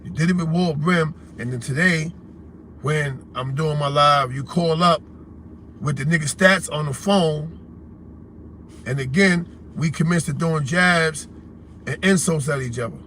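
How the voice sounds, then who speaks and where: A blunt, confrontational man with a New York accent rants to his livestream audience in street slang. His voice sits high for a man and sounds bright and forceful. There is a faint hiss of noise behind him. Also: unhurried, pauses often. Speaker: host of a call-in livestream. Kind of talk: heated casual livestream rant.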